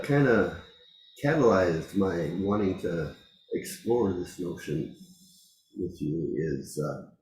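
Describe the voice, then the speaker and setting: A man giving a dharma talk as a Zen teacher, reflective and unhurried, pausing often and laughing softly. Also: sits low, echoey room, rough recording. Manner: slow, reflective, with frequent pauses and soft laughs.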